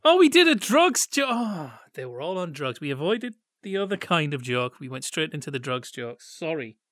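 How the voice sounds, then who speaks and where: A man's voice: on the high side, very animated, normal speed, fairly bright tone, dry recording, clean studio sound. A man co-hosting a podcast, chatting and joking about old children's TV and acting out quotes. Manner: chatty, jokey, acts out quotes. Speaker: podcast co-host. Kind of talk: casual chat reviewing old TV.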